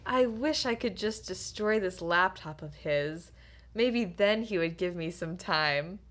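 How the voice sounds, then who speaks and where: A woman's voice: lowish voice, slow pace, a bit bright. A woman reading the part of an annoyed young woman in a script table read. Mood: wistful.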